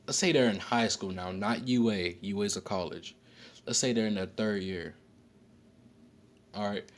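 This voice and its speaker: A man's voice: on the low side, normal speed. A man casually telling an improvised story, rambling with slang, fillers and frequent self-corrections.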